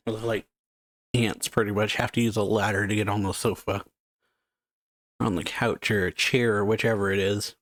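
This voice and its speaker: A man's voice: lowish voice, fairly even intonation, moderate pace, pauses often, a bit bright, no room sound, clean studio sound. A man hosting a comic reaction video, casually recapping a chapter and reading panels aloud, with loose phrasing full of "yeah" and "like". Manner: loose, filler-heavy narration with frequent "yeah" and "like". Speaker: manga reaction host.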